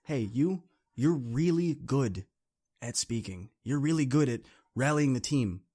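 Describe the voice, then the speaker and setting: Brief: man playing a pushy take-charge schoolboy, loud and directive. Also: mid-range voice, expressive, measured pace. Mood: bossy. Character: bossy take-charge teen boy.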